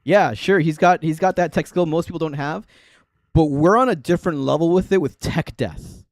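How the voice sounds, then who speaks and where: A man in his thirties chatting casually on a livestream as a bass-playing host, rambling with lots of fillers and frequent laughter. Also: moderate pace, no room sound. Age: 30s.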